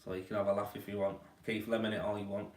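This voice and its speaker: A man's voice: fairly low pitch, flat delivery, quick pace. A man hosting a casual live-stream Q&A about plastering, talking in a chatty, blokey way and calling viewers mate, at home indoors. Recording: roomy, distant from the mic.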